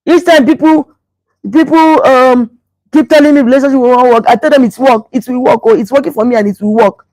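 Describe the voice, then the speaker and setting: A woman's voice: high voice, a little fast, darkish tone, no room sound, rough recording. A middle-aged woman pastor, preaching about relationships emphatically and repeating phrases to drive them home. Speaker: pastor and show host.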